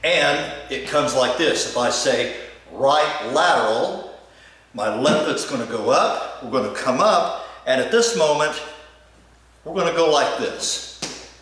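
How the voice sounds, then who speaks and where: Older guy walking you through step moves, slow and easy, lots of room echo, mic kinda far off. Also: medium pitch, lively intonation, a bit bright. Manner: coaching, calls out step moves. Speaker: fitness instructor. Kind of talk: instructional demonstration. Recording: echoey room, distant mic.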